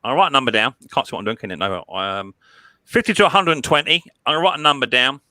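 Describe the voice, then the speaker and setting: A man, hosting a casual livestream chat, chatty and quick to laugh, often repeating himself. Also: medium pitch, expressive, sharp tone, no echo. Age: 30s. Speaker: livestream host.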